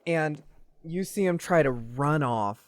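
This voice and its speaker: A man narrating a tabletop game as game master, in a casual, animated way. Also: fairly high pitch, slow pace, no room sound, studio quality.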